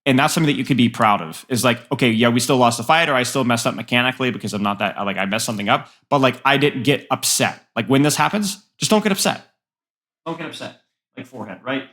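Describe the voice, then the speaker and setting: A man's voice: medium pitch, fast talker, hardly any pauses, fairly bright tone. A man with a nasal voice coaching a player in a casual, frank, rambling way full of fillers. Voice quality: self-described nasal voice. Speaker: game coach.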